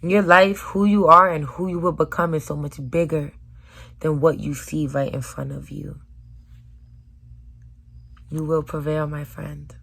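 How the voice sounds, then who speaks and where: A young woman talking earnestly to her viewers in a personal vlog, her voice hoarse from screaming, moving between loud urging and soft near-whispers. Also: sits low, flat delivery, measured pace, pauses often. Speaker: vlogger.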